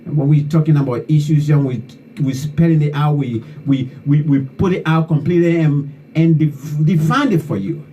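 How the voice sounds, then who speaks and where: A man's voice: on the high side, normal speed, few pauses, warm tone. Impassioned man, distant mic. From Liberia. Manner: fervent, repetitive, scolding the audience. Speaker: online talk show host. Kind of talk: impassioned political commentary. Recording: distant mic with faint background noise.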